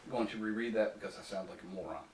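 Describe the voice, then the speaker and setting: A man's voice: lowish voice, rapid-fire, distant mic, slight background noise. A man hosting a casual political talk podcast, sarcastic and mocking as he reads quotes aloud. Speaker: podcast host. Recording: echoey room, voice off-mic.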